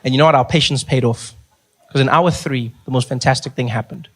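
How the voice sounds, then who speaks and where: A male stand-up comedian telling stories on a live stage in an animated, playful way, using a handheld mic. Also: mid-range voice, brisk. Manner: animated, playful storytelling with big vocal swings. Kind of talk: stand-up storytelling. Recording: live comedy club with noise.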